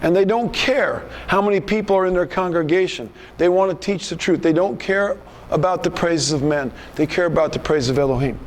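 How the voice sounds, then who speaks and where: A man's voice: high-pitched, a little fast, slight background noise. A male pastor preaching a sermon in an emphatic, rebuking manner, often repeating himself.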